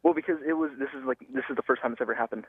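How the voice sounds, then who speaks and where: A man's voice: medium pitch, racing, breathy edge, no echo. An eighteen-year-old man calling into a radio show, hesitant and rambling, heard over a tinny phone line. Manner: hesitant, rambling, full of fillers. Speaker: caller. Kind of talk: phone-in call.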